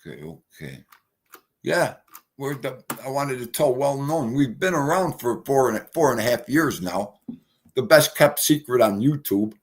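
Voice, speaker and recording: Brash, profane New livestream host. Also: male voice, lowish voice, a little mellow. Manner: brash, profane, greets chatters. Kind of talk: casual livestream chat.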